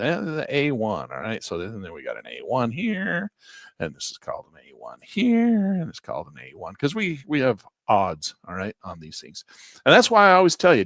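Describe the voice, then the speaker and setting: A man teaching a live trading class over a shared screen, talking in a folksy, animated way and acting out traders in quick voices. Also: mid-range voice, no room sound. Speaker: trading instructor.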